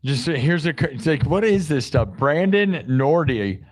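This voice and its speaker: Hosting a livestream for an improvised music show, a man chats loosely with viewers and reads their comments aloud, peppering his talk with "like" and "dude." His voice sits on the high side and sounds animated, moving at a measured pace with few pauses.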